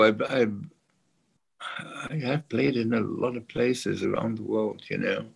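An older man chatting as a guest in an interview, halting and repeating himself, often adding "you know". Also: fairly low pitch, creaky, husky. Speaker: guest singer. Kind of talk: casual interview chat.

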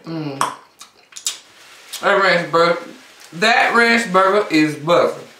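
A woman's voice: fairly low pitch, lively intonation, slow pace, sharp tone, a little hiss or hum. A woman hosting a casual eating show, chatting and humming over her food between bites. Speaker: mukbang host. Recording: echoey room, a bit far from mic.

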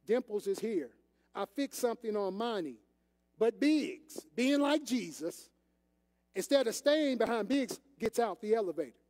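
A man's voice: high voice, lively intonation, a little slow, darkish tone. An older man, an assistant pastor, preaching a sermon in a folksy, conversational way and talking straight to the congregation. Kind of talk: sermon with storytelling. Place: church sanctuary. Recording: echoey church hall.

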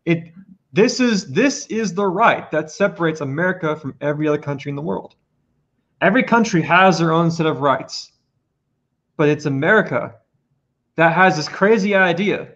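A man's voice: fairly high pitch, animated, normal speed, a bit bright. A man presenting his points earnestly on a casual podcast, building emphasis as he goes. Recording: lo-fi muffled audio.

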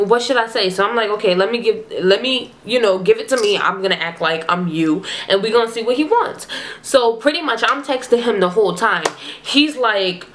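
A woman's voice: mid-range voice, normal speed. A young woman vlogger telling a personal story in casual chat, acting out text messages as she goes. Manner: animated, chatty, acts out text exchanges.

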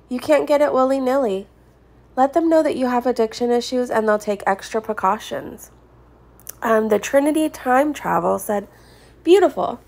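A woman with a somewhat high voice reads social media comments aloud in a casual, chatty way. She pauses between comments for quick dry remarks and soft chuckles. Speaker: commentary vlogger reading comments.

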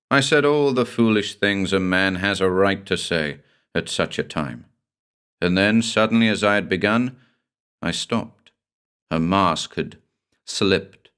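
A man narrating a horror story in a measured, somber first-person reading. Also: low voice. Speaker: audiobook narrator.

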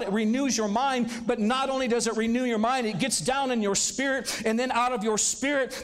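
A male pastor preaching a sermon in a church service, talking conversationally and throwing rhetorical questions at the congregation. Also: very high voice. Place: church sanctuary, live service.

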